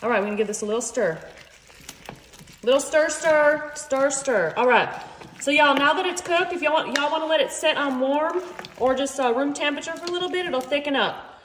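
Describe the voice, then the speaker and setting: Chatty high-voiced woman cooking at home. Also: animated, quick pace, fairly bright tone, roomy sound, slight background noise. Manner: chatty, self-joking, keeps saying "y'all". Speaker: home cooking channel host. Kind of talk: casual cooking demonstration. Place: home kitchen.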